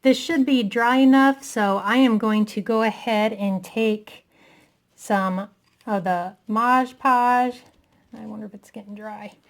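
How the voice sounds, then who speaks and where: Slow gravelly woman crafting, out of breath. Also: fairly high pitch, fairly even intonation. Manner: chatty, self-deprecating, talking while working. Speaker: crafting tutorial maker. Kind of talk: casual craft tutorial.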